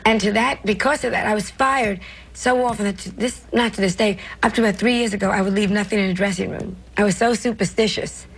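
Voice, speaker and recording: A woman's voice: mid-range voice, fairly even intonation, fast, slightly rough, poor audio. An older woman, a comedian with a New York accent, telling stories in an interview with brash, self-mocking asides. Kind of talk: interview storytelling.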